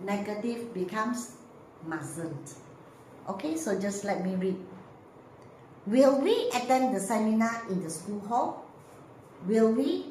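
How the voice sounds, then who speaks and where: Woman teacher, patient and repetitive, in a heavily echoing room with faint background noise. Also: mid-range voice. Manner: slow, patient, repeats drill phrases. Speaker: English teacher. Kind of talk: grammar lesson explanation. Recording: echoey room, voice from mic distance.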